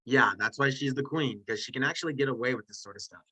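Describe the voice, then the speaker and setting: A host in casual chat who runs through a ranked list of fictional characters, rambling into tangents and quick self-mocking asides. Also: medium pitch, pushed and bright, husky, rough recording.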